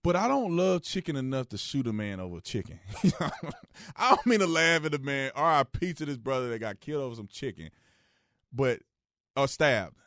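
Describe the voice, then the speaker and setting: A man hosting a radio talk show, giving casual joking opinion commentary, jumping between loud outbursts and low, quiet asides. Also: sing-song, normal speed, no room sound, studio quality.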